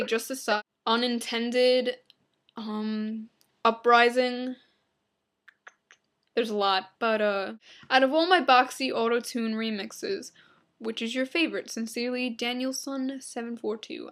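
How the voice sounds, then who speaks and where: A young woman vlogger from Long Island reads out viewer questions and answers them in a blunt, flippant way. Her voice sits a little high for a woman, and she throws in quick offhand asides. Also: fairly bright tone. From Long Island, New York. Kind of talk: casual Q and A vlog.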